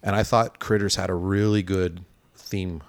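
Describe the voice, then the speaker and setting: Rambling, low-voiced podcast co-host man. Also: fairly even intonation, normal speed, dry recording. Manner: rambling, hedging with many fillers. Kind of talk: casual movie review chat.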